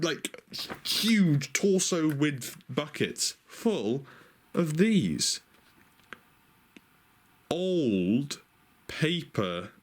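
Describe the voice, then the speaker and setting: Excitable man thinking aloud. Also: mid-range voice. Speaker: vlogger showing stationery. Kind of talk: casual chat.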